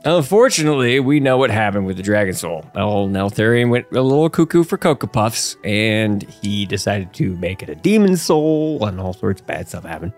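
A man's voice: on the low side, big pitch swings, normal speed, few pauses, soft background music. A man hosting a podcast, telling game lore in a goofy, rambling, laughing way. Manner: goofy, rambling storyteller who laughs often. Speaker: podcast host. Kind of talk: casual lore chat.

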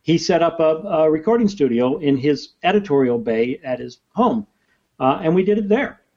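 A man, an author, telling stories in a lively, chatty way during a podcast interview. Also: fairly high pitch, moderate pace, muffled recording.

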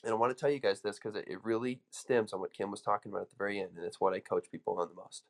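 A man speaks to a live audience in a motivational talk, his voice sitting somewhat low. He tells his stories emphatically and often restarts his sentences as he goes. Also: steady tone, very fast. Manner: emphatic, storytelling, frequent restarts. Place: room with an audience.

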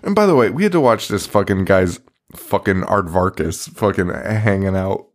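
A man's voice: low-pitched, expressive. Profane, laughing man retelling a movie. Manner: profane, laughing, acts out scenes in quick voices. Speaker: podcast co-host. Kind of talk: casual movie review chat.

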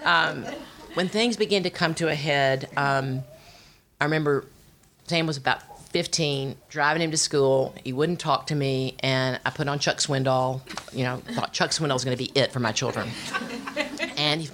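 A woman's voice: low voice, normal speed, a little hiss or hum. A middle-aged woman telling a personal faith testimony, acting out quotes as she goes. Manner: animated storytelling with voiced quotes. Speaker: speaker sharing testimony.

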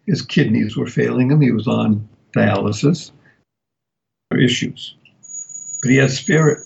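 An older man hosting a live talk radio show, speaking slowly and deliberately and spelling words out for emphasis. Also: mid-range voice, gravelly, muffled recording.

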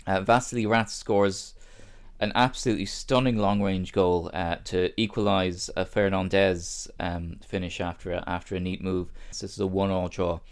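A man co-hosting a podcast in casual chat, relaxed and rambling with fillers. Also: deep voice, moderate pace, smooth. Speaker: podcast co-host.

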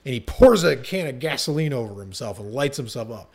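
A man's voice: medium pitch, big pitch swings, brisk, gravelly, hardly any pauses. Enthusiastic rambling male podcast host. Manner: enthusiastic, rambling with fillers and restarts. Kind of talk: casual podcast chat.

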